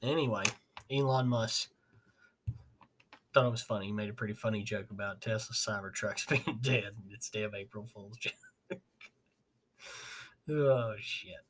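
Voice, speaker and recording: Rambling podcast host. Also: male voice, lowish voice, unhurried, long pauses. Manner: rambling, laughs often, swears casually. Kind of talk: casual chat.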